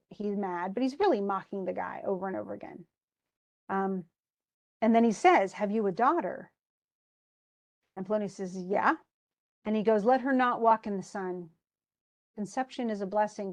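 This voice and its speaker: A woman's voice: medium pitch, darkish tone. A woman teaching a lesson, retelling a play scene by scene and paraphrasing its lines in everyday speech, with many fillers.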